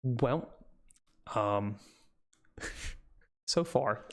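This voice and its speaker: A man's voice: mid-range voice, animated, extremely slow, a bit bright. A man with an American accent making casual, self-deprecating asides while streaming a dramatic reading. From United States. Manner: chatty, self-deprecating, laughing. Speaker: streamer reading a novel aloud.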